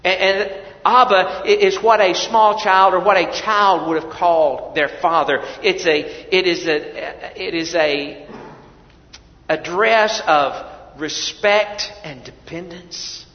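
A high-pitched male pastor preaches slowly in a big echoing hall, and the recording sounds dull and lo-fi. He drops to near whispers, then climbs to loud, emphatic lines, often repeating himself as he restarts. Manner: preaching with swings from soft, hushed lines to loud emphatic ones. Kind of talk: sermon.

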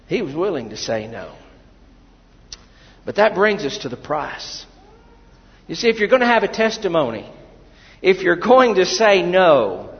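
A high-voiced male preacher delivers a sermon at an unhurried pace. He drops to quiet storytelling, then rises to loud, stretched-out calls to his congregation. The sound is dull and lo-fi, with a long reverb from a large hall. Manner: swings from quiet storytelling to loud, drawn-out exhortation.

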